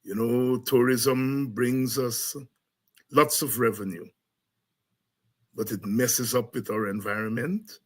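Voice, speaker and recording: A man hosting a talk show who breaks into excited shouts and scatting between serious comments. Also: medium pitch, takes it slowly, long pauses. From Caribbean. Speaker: host and lecturer.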